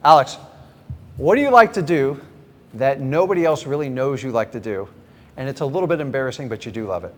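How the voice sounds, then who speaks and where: A middle-aged man, a real estate coach, teaching a live seminar with energy and speaking straight to the audience. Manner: energetic, talks straight to the crowd. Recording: reverberant hall, faint rumble.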